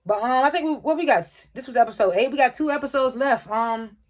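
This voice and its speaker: A woman's voice: high voice, fast. A woman giving a casual, slangy recap and review of a TV episode, swearing often. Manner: animated retelling, frequent swearing, slangy. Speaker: TV show reviewer.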